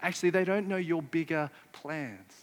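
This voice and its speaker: A man's voice: fairly high pitch, normal speed, big-room sound. A man preaching a sermon, emphatic and often putting rhetorical questions to his listeners. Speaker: pastor.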